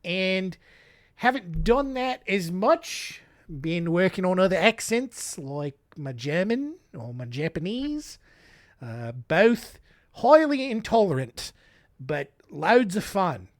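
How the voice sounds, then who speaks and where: Male podcast host, fake Aussie accent, slow and dry, rambling and self-mocking. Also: high voice, very animated, dry recording. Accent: put-on Australian. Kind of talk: casual monologue.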